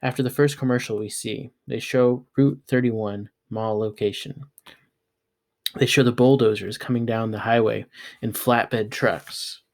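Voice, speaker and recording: Man, medium pitch, steady novel reading, plain delivery. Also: a little slow. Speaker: reader.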